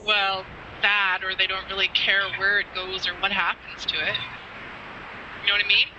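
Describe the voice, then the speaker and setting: A woman's voice: medium pitch, little pitch movement, moderate pace, dull audio, noisy background. A woman chatting bluntly in a group video call. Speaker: hangout participant. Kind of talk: casual group video chat.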